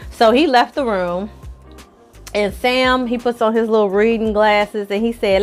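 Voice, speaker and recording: A woman casually recapping a TV episode for viewers, telling the story in a lively, slangy and profane way. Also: fairly high pitch, unhurried, faint music behind. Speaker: film and TV reviewer.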